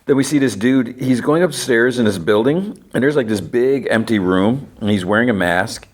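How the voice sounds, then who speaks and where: A man hosting a podcast, casually retelling a TV episode scene by scene in quick quoted dialogue. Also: mid-range voice. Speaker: podcast host.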